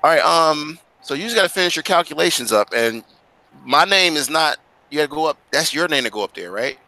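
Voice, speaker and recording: Bright-voiced male teacher, firm and direct. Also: fairly high pitch, animated, brisk, dry recording. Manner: casual, direct, firm with students. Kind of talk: online class instruction. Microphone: video call.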